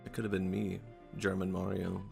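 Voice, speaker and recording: A low-pitched man with a gravelly, creaky edge to his voice, rambling chattily as he comments on a game he's streaming. He laughs a lot between thoughts, and soft game music plays faintly underneath. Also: monotone, a little fast. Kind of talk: casual gameplay commentary.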